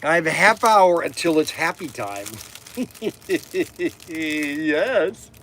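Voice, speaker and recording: A middle-aged man hosting a livestream from his toy shop, chatting casually in a loud voice that keeps repeating itself and is full of "okay"s. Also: fairly high pitch, big pitch swings, normal speed, creaky. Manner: loud, repetitive, peppers talk with "okay".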